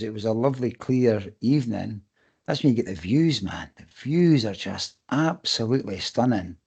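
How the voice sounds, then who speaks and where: Relaxed man telling race stories. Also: mid-range voice, breathy edge, lo-fi sound. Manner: relaxed, swears casually. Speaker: podcast co-host and race runner. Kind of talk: casual podcast storytelling.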